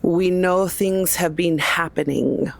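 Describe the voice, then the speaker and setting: A woman's voice: on the low side, takes it slowly, vocal fry. A woman voicing an imperious female vampire leader giving a formal rallying speech.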